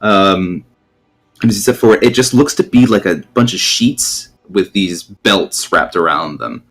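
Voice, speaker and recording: A man's voice: deep voice, unhurried, fairly bright tone, husky. A man narrating as game master in a tabletop game, rambling with many ums and restarts.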